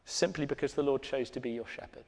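A man preaching a sermon in a church, slow and deliberate, dropping to hushed, near-whispered emphasis. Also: mid-range voice, creaky. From Britain. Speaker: pastor. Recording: long reverb of a church hall.

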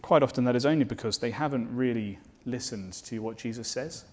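A man's voice: medium pitch, brisk. Earnest male preacher giving a sermon. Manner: earnest, rising to fervent declarations; rhetorical questions to the listeners.

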